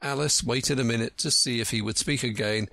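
A man reading a storybook aloud for a radio program, in an expressive way. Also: medium pitch, a little fast, creaky, no echo. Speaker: audiobook narrator.

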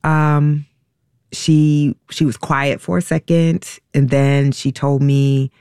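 Gravelly-voiced woman, halting and emotional. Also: low-pitched, flat delivery, dark tone, no room sound, studio quality, soft background music. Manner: halting, emotional, many restarts and fillers. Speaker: interview guest. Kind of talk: reflective personal storytelling.

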